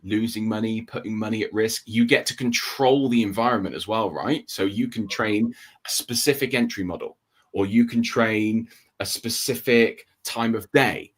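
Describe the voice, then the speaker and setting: A man co-hosting a trading livestream, explaining in a steady casual way and checking in with "okay?" and "right?". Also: lowish voice, moderate pace.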